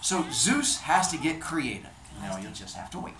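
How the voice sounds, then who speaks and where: A man's voice: on the high side, very animated, moderate pace. A man retells old myths in a playful, chatty comic style, his voice rising and falling with lots of animation. The recording has a roomy echo and a faint background hiss. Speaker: storyteller. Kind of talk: casual comedic storytelling of myths.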